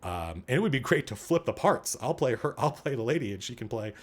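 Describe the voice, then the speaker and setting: A man with a medium-pitched voice and a brisk pace hosts a livestream, answering questions from chat. He's animated and casual, wandering off on tangents as he thinks aloud.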